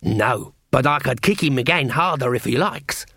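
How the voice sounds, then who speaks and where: A man voicing a roguish male dwarf adventurer who talks in a slow, dry, matter-of-fact way in an audiobook. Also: medium pitch, lively intonation, vocal fry, sharp tone, husky, dry recording, full character voice. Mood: deadpan.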